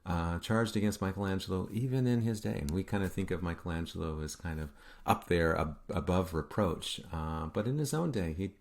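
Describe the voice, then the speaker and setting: Brief: male art lecturer, very low voice, informal and halting, lots of "uh" and "right?". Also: creaky, a little mellow. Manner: halting, many fillers, self-correcting, checks in with "right?". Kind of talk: recorded lecture.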